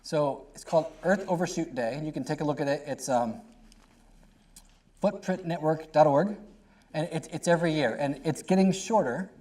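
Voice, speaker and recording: A middle-aged man talks on a panel. He speaks conversationally and tells animated stories with quick asides. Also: fairly high pitch.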